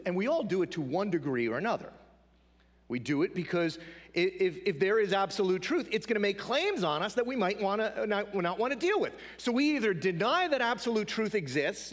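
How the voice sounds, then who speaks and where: Animated preacher, high voice, hall reverb. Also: male voice. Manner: emphatic, repeats key phrases, drops to hushed asides. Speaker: pastor. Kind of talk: sermon.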